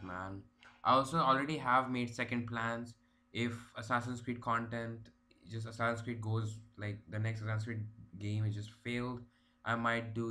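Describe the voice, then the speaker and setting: Male gaming vlogger, mid-pitched voice, ranting, profane, stumbling over his words. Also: bright, forceful tone. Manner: profane, exasperated rant with many restarts. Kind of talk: casual ranting vlog.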